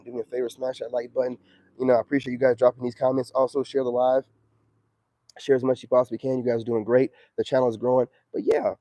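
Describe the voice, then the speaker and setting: A man's voice: medium pitch, dark tone, no echo. A man hosting a live stream, talking in a slangy, preachy, emphatic way in a casual monologue.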